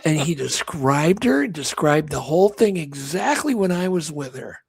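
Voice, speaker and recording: A man with a fairly high, gravelly voice tells a long story on a chat show. His tone is husky, and he restarts sentences often. The sound is close and dry. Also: big pitch swings, moderate pace, no echo. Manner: rambling storyteller, many restarts, acts out quotes. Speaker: co-host.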